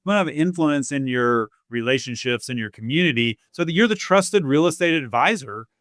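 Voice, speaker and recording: A man's voice: medium pitch, lively intonation, brisk, a bit bright, dry recording, studio quality. A man hosting an interview podcast, casual and affirming, with many fillers as he talks. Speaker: podcast host. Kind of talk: conversational interview.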